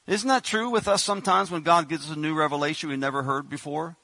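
A man with a fairly high voice talks fast in a pushed, bright tone, captured in a dry recording. He preaches a sermon conversationally, acting out the biblical characters in the story as he goes.

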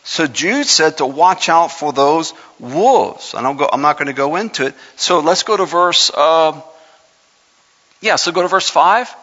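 A man's voice: fairly high pitch, expressive, pushed and bright. A man preaching a sermon as pastor of his church, climbing in intensity and shifting pace for emphasis. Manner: preaching with rising intensity, speeding up and slowing down for emphasis. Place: church sanctuary. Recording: muffled recording with long hall reverb.

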